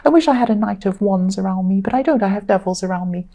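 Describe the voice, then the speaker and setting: A woman giving a solo tarot reading to camera. She talks in a gentle, reassuring way with frequent ums, and her voice is tired and a little croaky. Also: mid-range voice, expressive, fast. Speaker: tarot reader.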